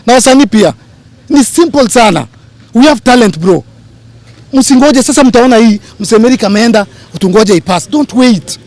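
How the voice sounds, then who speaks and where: A public figure with a Kenyan accent addresses reporters with impassioned, emphatic, pleading remarks, repeating his appeals. His voice is very high-pitched, expressive and a little mellow, at normal speed with no echo.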